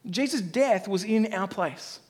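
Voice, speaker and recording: A man's voice: high-pitched, lively intonation, a little slow, a little mellow, slightly rough. A man preaching a sermon in a conversational style, joking with the congregation.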